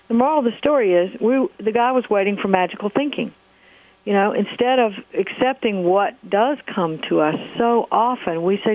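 A woman's voice: medium pitch, expressive, normal speed, no echo. A woman hosting a radio talk show, telling a story in an easy, hesitant way with many fillers. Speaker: radio show host and counselor. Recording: phone-like narrow sound.

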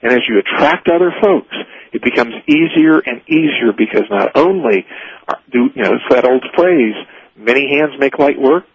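A man's voice: medium pitch, expressive, moderate pace, a little hiss or hum. A middle-aged man giving a guest talk on a radio show, earnest and explaining his ideas point by point. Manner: earnest, teaching in numbered points. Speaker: leadership speaker guest. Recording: muffled dry radio broadcast audio.

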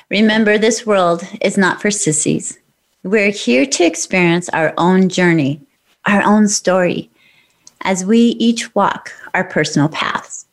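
A woman's voice: medium pitch, a little slow. A middle-aged woman hosting a radio talk show, upbeat and affirming in a spiritual, encouraging way. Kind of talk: casual interview chat.

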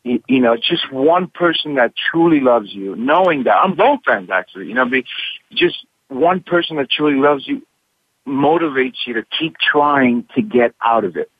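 An actor being interviewed by phone from his room, talking haltingly with many restarts and repeated words. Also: medium pitch, sing-song, gravelly, dry recording. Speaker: actor guest. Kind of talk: candid interview over the phone. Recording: tinny dry phone line.

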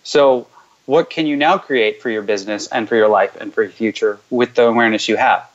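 Guy hosting a call-in coaching thing, rambles a lot, drops into low repetitive clearing chants, kinda muffled sound. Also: fairly quick, slight background noise. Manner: rambling and chatty, then drops low and steady for the repeated clearing loop. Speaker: host leading callers through clearing statements.

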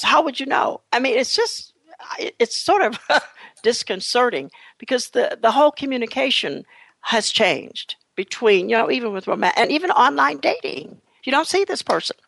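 Gravelly-voiced woman hosting radio talk. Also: fairly high pitch, no room sound. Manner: musing, rambling, rising to animated questions. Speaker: radio talk show host. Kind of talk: casual radio chat.

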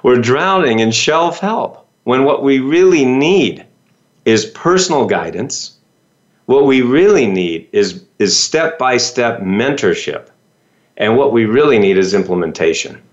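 Male business coach, animated pitch, motivational talk, rhetorical questions, slightly dull lo-fi sound. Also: a little slow. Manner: lively, rhetorical questions, folksy.

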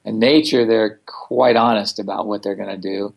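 A man telling stories in a relaxed interview, blunt and animated, with a casual, profane way of talking. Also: lowish voice, normal speed, gravelly. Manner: blunt, animated, swears freely. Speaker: guest, founder of a self-help organization. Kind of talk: casual storytelling in conversation.

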